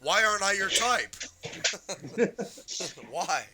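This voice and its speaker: A man's voice: high-pitched, very slow, a crowd in the background. A man joking around in a casual group chat. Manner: animated, joking. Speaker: podcast regular.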